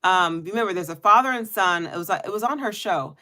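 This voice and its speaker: A woman chatting casually to her viewers in a weekly live check-in video. She laughs often and throws in animated quoted asides. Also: lowish voice, brisk. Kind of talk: casual chat. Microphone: headphones on.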